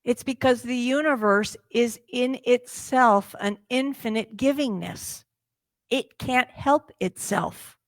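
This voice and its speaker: Lady minister preaching slow and lively, kinda high voice, dry close sound. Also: no echo. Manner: lively storytelling, acting out the characters' lines. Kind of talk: sermon. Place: church sanctuary.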